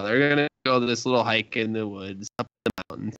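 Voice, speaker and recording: A man's voice: medium pitch, sing-song, normal speed, a bit bright, muffled recording, slight background noise. Joking, rambling podcast co-host man. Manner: joking, rambling storyteller who slips in a mock accent. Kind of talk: casual podcast chat, storytelling.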